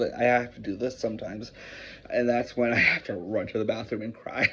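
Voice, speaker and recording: A man's voice: fairly low pitch, fairly even intonation, normal speed. A man talking in a personal confessional vlog, emotional and rambling, often swearing. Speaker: vlogger. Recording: muffled with faint hiss.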